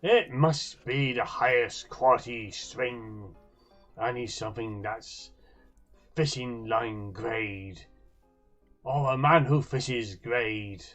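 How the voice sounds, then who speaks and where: A man co-hosting a video game playthrough in casual commentary, with slow, unhurried pacing. He talks haltingly and often repeats himself. Faint music plays under his voice. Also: mid-range voice, a bit bright. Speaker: let's play co-host.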